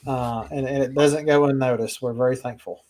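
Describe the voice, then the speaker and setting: A man's voice: medium pitch, fairly even intonation, normal speed, darkish tone. A man, co-hosting a casual chat and telling stories in a folksy, laid-back way. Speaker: podcast co-host.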